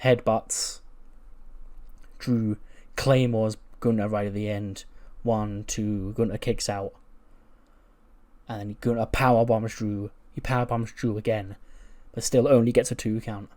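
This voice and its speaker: A man's voice: fairly low pitch, flat delivery, a little slow, dark tone. A man hosting a game channel, casually recapping simulated wrestling matches with blunt, swearing commentary.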